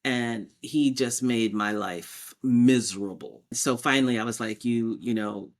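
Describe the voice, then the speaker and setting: Woman guest on a podcast telling her story, gets animated and acts out what people said. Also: very deep voice, measured pace. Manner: animated, acts out past exchanges in quotes. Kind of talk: personal storytelling in conversation.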